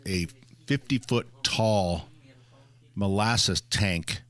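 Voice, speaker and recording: A man's voice: lowish voice, extremely slow, a bit bright. Joking man hosting a radio show. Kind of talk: casual radio chat. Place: radio studio.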